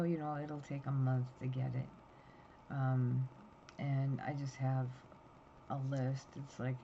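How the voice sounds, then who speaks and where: A woman's voice: extremely low pitch, dark tone. A woman in her fifties rambling anxiously through a story as she chats to her phone camera, tired and yawning. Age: 50s. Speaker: vlogger. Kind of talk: casual chat to camera. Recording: dull lo-fi sound with faint noise.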